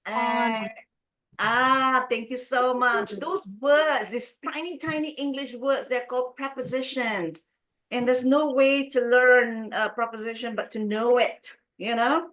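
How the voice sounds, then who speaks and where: Woman, English teacher, online lesson, unhurried, higher voice, models stress. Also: fairly bright tone, slight background noise. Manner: drawn-out modeling of word stress.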